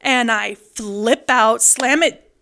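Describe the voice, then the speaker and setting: A woman in her thirties, a podcast co-host and hairstylist, telling a story in casual chat with lively, laughing delivery. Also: fairly high pitch, slow.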